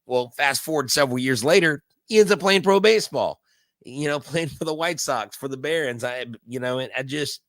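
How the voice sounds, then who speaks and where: A man's voice: mid-range voice, brisk, a bit bright, dry recording. A man hosting a casual live baseball watch-along, telling stories in a rambling way full of fillers and restarts. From Houston area. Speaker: live stream host.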